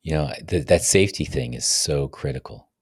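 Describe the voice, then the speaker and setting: A man's voice: a bass voice, normal speed, husky, no room sound, clean studio sound. A man, a men's coach, guesting on a podcast and explaining ideas reflectively, often checking in with "right?". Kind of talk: casual podcast conversation.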